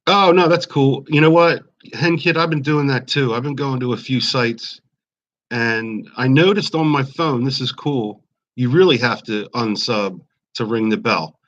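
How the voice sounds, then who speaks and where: A man's voice: medium pitch, unhurried, fairly bright tone. A man, chatting casually on a home live stream, rambling and greeting viewers by name. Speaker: YouTube livestream host. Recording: slightly dull lo-fi stream audio.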